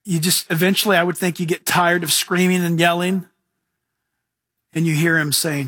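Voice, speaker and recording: A male pastor preaching a sermon in an animated way, acting out voices and moving between loud and hushed. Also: sits high, a little slow, no room sound, studio quality. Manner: animated, acts out voices, shifts from shouting to hushed.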